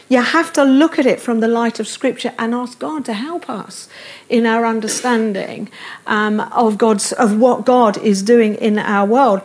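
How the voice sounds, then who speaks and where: A woman's voice: a little high, a little mellow. A middle-aged woman preaching a sermon in a church, earnest, with repeated affirmations and light self-deprecating humor. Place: church service room.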